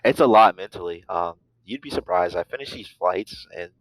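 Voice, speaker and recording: A man's voice: low voice, expressive, moderate pace, rough recording. A young man in his twenties, a student pilot and podcast guest, talking in an easygoing, rambling way with lots of fillers. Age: 20s. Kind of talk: casual interview chat.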